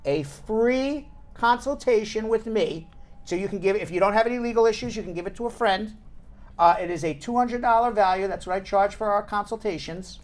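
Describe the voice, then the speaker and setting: A man's voice: sits high, fairly quick. A man in his forties hosting a live talk show, joking and chatting casually as he reads out viewer names. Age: 40s. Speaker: talk show host and lawyer.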